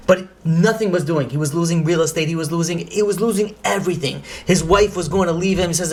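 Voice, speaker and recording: A rabbi telling a story in a lively lecture, sprinkling in Hebrew and Yiddish phrases. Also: male voice, on the high side, fast talker, few pauses.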